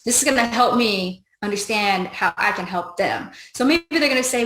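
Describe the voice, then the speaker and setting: A woman's voice: mid-range voice, expressive, normal speed, few pauses, a bit bright. Woman, business trainer, upbeat coaching, role-plays conversations, echoey room. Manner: upbeat, coaching, acts out both sides of a chat. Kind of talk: training talk on recruiting conversations.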